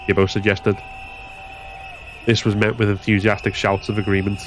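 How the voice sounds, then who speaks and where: A man giving a steady, measured scripted narration of a story. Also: fairly low pitch, over music.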